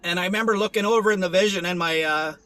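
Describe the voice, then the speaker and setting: A man's voice: sits high, very fast, bright, forceful tone, no echo, low-quality recording. A young man giving a rambling, earnest personal testimony, with many restarts and fillers. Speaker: testimony vlogger.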